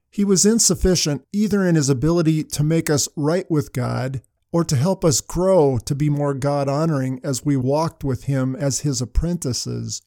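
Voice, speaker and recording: An older man preaches a sermon, leading in with story after story. His voice sits a little high yet sounds mellow and dark. The sound is dry and close. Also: no room sound. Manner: storytelling with anecdotes. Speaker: pastor.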